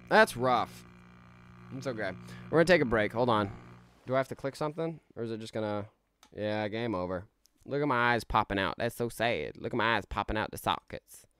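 A man's voice: lowish voice, fairly bright tone. Laid-back man chatting on a live stream. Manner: rambling, laid-back, many restarts. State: tired. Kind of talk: live gaming stream chat.

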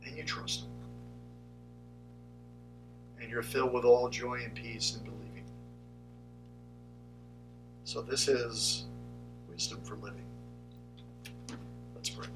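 A man's voice: mid-range voice, steady tone, a little slow, pauses often, distant mic, music in the background, rough recording. A man preaching a conversational sermon to his congregation as pastor.

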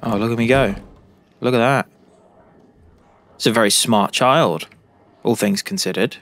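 Bantering with the characters on screen, a British gaming YouTuber, young and male, jokes through his gameplay. His mid-range voice is a bit bright and never rushed.

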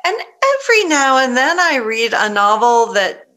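A middle-aged woman novelist telling stories in a conversational interview, animated and full of restarts. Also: sits high, unhurried. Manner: animated, frequent restarts, quotes others in lively voice. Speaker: novelist guest.

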